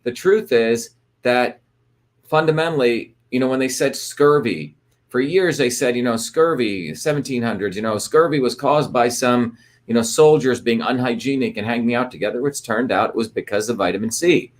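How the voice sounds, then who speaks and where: A man's voice: medium pitch, normal speed. A man hosting a live online talk, greeting viewers by place and explaining ideas in a loose, rambling way with many fillers and restarts. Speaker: livestream host. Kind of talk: casual livestream talk.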